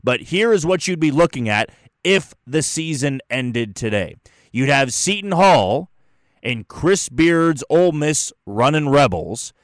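A man with a medium-pitched voice hosts a solo sports podcast, breaking down a tournament bracket in an opinionated, chatty way full of restarts and fillers. The recording is dry, with clean studio sound.

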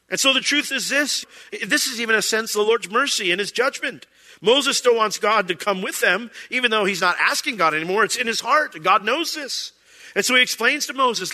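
A man preaching a sermon as pastor, animated and acting out quoted lines. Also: high voice, normal speed, big-room sound.

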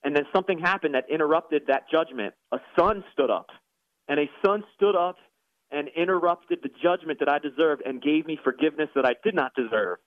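A man's voice: on the high side, a little fast, no echo. A man, a former athlete turned pastor, giving an earnest, preacherly personal testimony as a guest, stumbling over repeated words when moved. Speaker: guest, former professional soccer player and pastor. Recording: tinny phone-line sound.

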